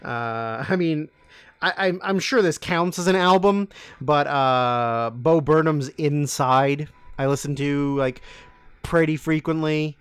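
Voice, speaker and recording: A man's voice: a little high, slow pace, clear, resonant tone, no echo. A man in his thirties, co-hosting a podcast and answering listener questions in a rambling, profane, casual way. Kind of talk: casual Q&A chat.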